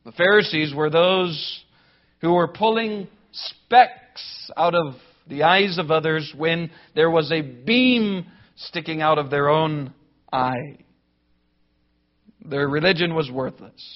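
A man preaching a sermon in an emphatic, deliberate way, building points through rhetorical lists. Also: fairly high pitch, lo-fi sound. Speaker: pastor.

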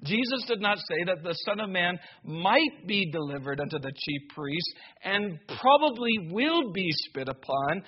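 A man preaching a sermon, slow and emphatic, with dramatic pauses and emphasis that builds. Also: high-pitched, muffled recording, a little hiss or hum.

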